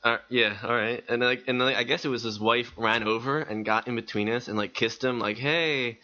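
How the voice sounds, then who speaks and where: A man on a casual podcast tells an animated anecdote with a bright, forward voice. He laughs often and swears freely. The recording sounds somewhat dull and lo-fi. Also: medium pitch, brisk. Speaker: podcast co-host.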